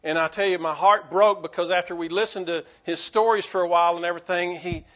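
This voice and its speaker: A man preaching a sermon as a pastor, earnest, with frequent stammered restarts, rising to urgency and dropping to quiet, halting lows. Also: fairly even intonation, highs cut off.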